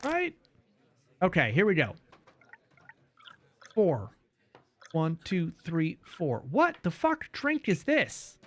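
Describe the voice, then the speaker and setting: Animated, high-pitched male streamer. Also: takes it slowly, pauses often. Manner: animated, swears, laughs often. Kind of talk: casual gameplay commentary.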